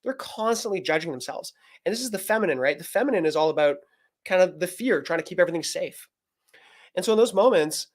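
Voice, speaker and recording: On a live video call, a man who coaches men speaks as a guest, earnest in his explanations. His voice sits high, and he sometimes performs lines of dialogue.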